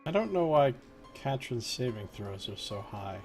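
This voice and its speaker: A man's voice: mid-range voice, sing-song, measured pace, darkish tone, faint music behind. A man chatting and joking as a player at a tabletop game. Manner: joking, asks questions. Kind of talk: casual chat at a tabletop game.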